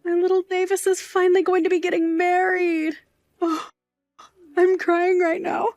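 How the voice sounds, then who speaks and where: A woman's voice: on the high side, normal speed, no echo, studio quality, faint music behind, close to an everyday voice. An actress voicing a glamorous, doting middle-aged aunt who works nights at a bar, fussy and theatrical in her manner. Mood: gushing. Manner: fussy, dramatic, gushing. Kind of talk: audio drama acting.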